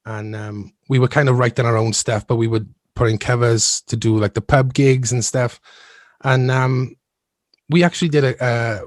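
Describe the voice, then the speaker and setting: A man in his thirties rambles happily through a story, stumbling and restarting as he goes. His voice sits at an average pitch, recorded close and dry. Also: dry recording. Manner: rambling, restarts often, laughs through stories. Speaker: musician guest. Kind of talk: casual storytelling interview.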